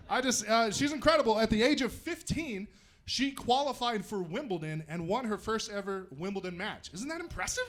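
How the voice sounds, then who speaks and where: A man from Utah performing a stand-up comedy set on stage, animated and self-deprecating, chatting with the crowd. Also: sits high, moderate pace. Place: comedy stage before a live audience.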